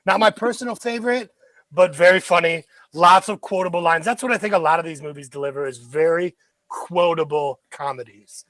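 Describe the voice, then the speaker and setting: In a fairly high, fairly bright voice, a podcast co-host talks briskly through a casual movie review. He's enthusiastic, performing beloved quotes with laughter. There's no room sound on the recording.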